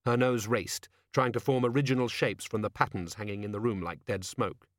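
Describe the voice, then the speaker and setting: A man narrating an audiobook in a measured, steady storytelling voice. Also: on the low side, no room sound, studio quality. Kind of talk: scripted narration.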